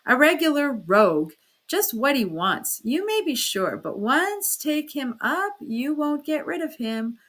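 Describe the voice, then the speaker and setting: A woman voicing a huge, gruff male peasant porter who talks in a dismissive way. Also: high-pitched, sing-song, unhurried, fairly bright tone, voice pushed up, full character voice.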